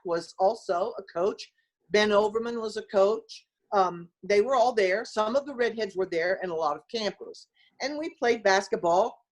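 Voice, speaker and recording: An older woman telling stories in a casual interview, acting out what people said and laughing as she goes. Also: medium pitch. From small-town United States. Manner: animated storyteller who acts out quoted voices and laughs often. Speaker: former basketball player, interview guest.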